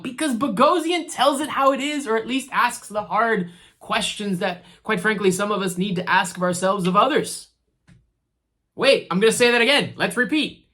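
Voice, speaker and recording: A woman giving casual commentary on a TV series, rambling and laughing, and talking straight to the characters as if they could hear her. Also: fairly high pitch. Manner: animated, talks straight to the characters; chatty, rambling, laughs easily. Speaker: TV show reviewer.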